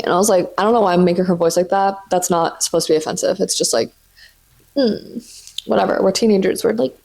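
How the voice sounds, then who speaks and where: Woman, twenties, lowish voice, casual solo podcast, sweary, filler-heavy chatter. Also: steady tone, normal speed, a little mellow. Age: 20s. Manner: chatty, profane, many "like" fillers. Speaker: podcast host. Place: sitting on the floor at home.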